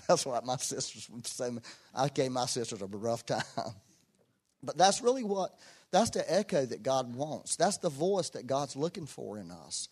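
A man preaching a sermon in a folksy, emphatic way, with loud bursts and joking asides. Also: mid-range voice, big pitch swings, moderate pace, husky. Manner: folksy, self-deprecating asides.

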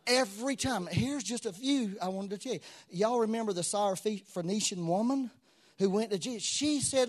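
A man preaching a sermon, telling stories with lively swings between loud exclamations and quiet asides. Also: high-pitched, moderate pace.

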